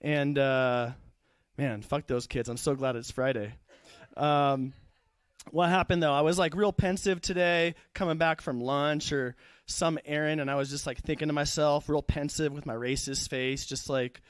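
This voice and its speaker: A man's voice: on the high side, fairly even intonation, moderate pace, clear, resonant tone, dry recording. A young man performing a stand-up comedy set at a live show, rambling, profane and losing his thread.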